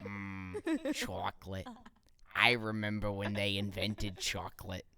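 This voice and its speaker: A woman's voice: a bass voice, very animated, takes it slowly, pushed and bright, exaggerated voice. A woman doing a cranky old cartoon lady. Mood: grumpy.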